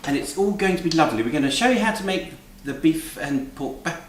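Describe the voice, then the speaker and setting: A man's voice: fairly high pitch, animated, fast, natural voice. A man playing a posh, bossy middle-aged lady cook in a comic cooking show, prim and tart, ending lines with "dear". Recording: roomy distant kitchen recording, faint noise.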